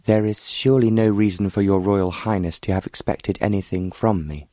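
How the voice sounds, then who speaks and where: A man's voice: on the low side, fairly even intonation, normal speed, dark tone, no echo, clean studio sound, close to an everyday voice. A man reading a cool young noblewoman.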